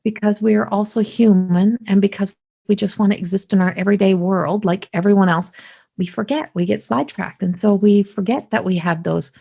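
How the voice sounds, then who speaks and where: A middle-aged woman hosting a podcast, talking in a lively, rambling way with many restarts. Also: mid-range voice, a little fast, creaky, breathy edge, highs cut off. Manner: animated, talkative, many restarts. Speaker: podcast host; psychic medium. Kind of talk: casual spoken monologue.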